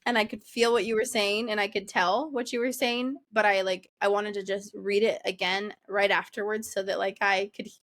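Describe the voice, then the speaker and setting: A young woman, a podcast co-host, chatting casually, laughing often and acting out quotes in a higher voice. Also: little pitch movement, normal speed, fairly bright tone. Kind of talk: casual chat.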